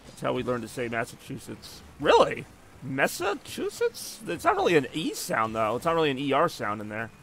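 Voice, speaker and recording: A man's voice: medium pitch, big pitch swings, quick pace, creaky, hardly any pauses, a bit bright. Joking male game streamer chatting. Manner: rambling and jokey, answering chat between plays. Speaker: live streamer playing a car soccer game. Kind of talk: casual live-stream chat with viewers.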